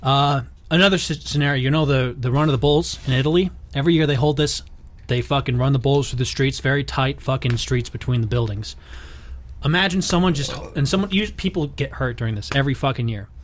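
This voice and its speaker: A man's voice: medium pitch, fairly quick, slight background noise. A man hosting a casual comedy podcast, setting up bits in a laid-back, swearing manner. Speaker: podcast host.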